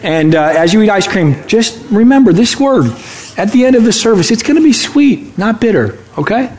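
A man's voice: high voice, sing-song, normal speed, a little mellow, reverberant. A man from Michigan preaching a sermon in a church sanctuary, playful and chatty, teasing the congregation. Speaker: pastor.

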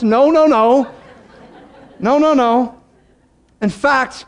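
Pastor, male, very high voice, lively, joking and emphatic preacher. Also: drawn-out words, long pauses. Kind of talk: sermon.

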